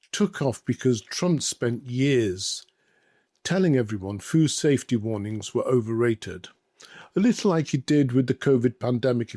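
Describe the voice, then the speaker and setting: A man hosts a satirical commentary show, reading out mock news in a sarcastic, deadpan manner. He trips over his words now and then. His voice sits at an ordinary middle pitch and sounds close and dry, with no room echo. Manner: sarcastic, deadpan delivery with hesitations. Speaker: host.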